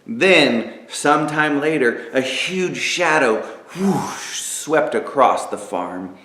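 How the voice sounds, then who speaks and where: A man narrating an inspirational story aloud, dramatic and lively, with spoken sound effects. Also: medium pitch, slow. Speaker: author and narrator. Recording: echoey room.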